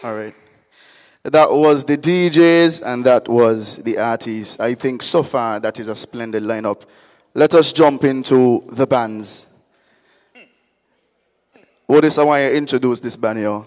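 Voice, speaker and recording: A man who hosts an event, introducing the lineup in a measured way with filler pauses. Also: mid-range voice, a little mellow, soft background music. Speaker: event host. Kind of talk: introducing a lineup at a media launch. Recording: long reverb in a hall.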